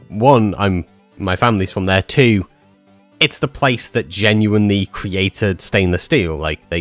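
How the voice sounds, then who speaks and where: Low-voiced man rambling on a stream. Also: fairly bright tone. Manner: rambling and chatty, with many fillers and restarts. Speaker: live streamer and voice actor. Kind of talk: casual live-stream chat with viewers.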